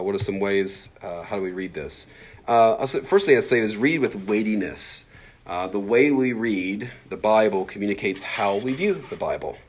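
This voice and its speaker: Low-voiced fast-talking man in his forties. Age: 40s. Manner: fast-talking, animated, lots of fillers and acted-out asides. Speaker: pastor teaching a Bible class. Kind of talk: casual classroom teaching.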